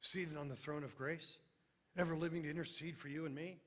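Emphatic preacher, slightly high voice. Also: male voice, fairly even intonation, a little fast. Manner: emphatic, drops to a hushed voice for tender lines. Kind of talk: sermon.

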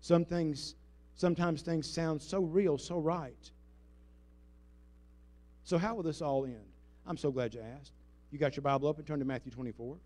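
Animated male pastor preaching. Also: a little high, normal speed. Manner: animated preacher, leads congregation call-and-response; dramatic swings in loudness, shifting between emphatic and hushed. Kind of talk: sermon. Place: church sanctuary before a congregation.

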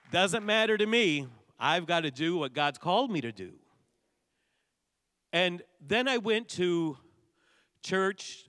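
Pastor, male, slightly high voice, animated storytelling sermon, close dry mic with a long church reverb tail. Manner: animated storytelling preacher, bursts of loud exclamation. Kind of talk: sermon testimony. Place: church sanctuary.

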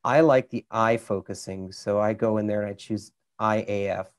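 A man's voice: lowish voice, steady tone, normal speed. A man with a Minnesota accent, a camera expert casually explaining settings step by step over a video call, with lots of fillers.

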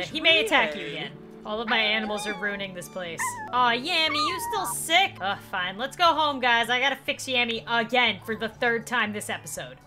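A young woman giving casual gameplay commentary, excitable, with quick exclamations and laughter. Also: medium pitch. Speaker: gaming YouTuber.

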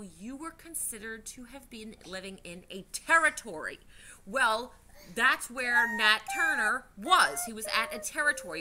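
A woman's voice: a little high, bright, forceful tone, a little hiss or hum. A woman, a teacher giving a chatty history lesson to children from home, with many fillers and restarts.

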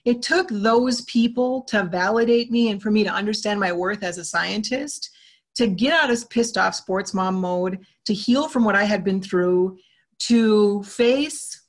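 Animated talkative woman interview guest. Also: medium pitch. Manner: animated, talkative, acts out quoted exchanges. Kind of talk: casual interview talk.

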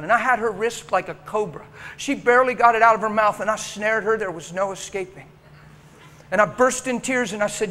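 A man's voice: high voice, normal speed. A middle-aged male pastor telling a story in a sermon, acting out the dialogue with emotion. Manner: animated, acts out dialogue, emotional. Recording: reverberant hall with faint noise.

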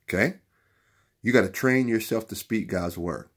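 A man's voice: on the low side, normal speed. A man hosting a show, giving a motivational Bible lesson in a preachy way and repeating key lines for emphasis. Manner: rising to loud emphatic peaks. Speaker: bookstore owner and show host.

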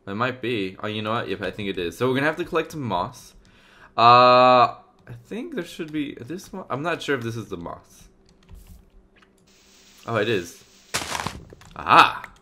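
A man hosting a game video in casual let's-play commentary, thinking aloud with many fillers, going from loud upbeat asides to quiet muttering. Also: mid-range voice, big pitch swings, normal speed, pauses often. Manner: loud upbeat openings, then muttering to himself while searching. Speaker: gaming video host.

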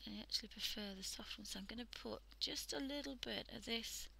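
This art livestream host, a woman from the UK, speaks a little high and briskly with a creaky edge as she demonstrates drawing. She's casual and soft, often half-whispering and chatting with fillers. The rough recording has a little hiss or hum.

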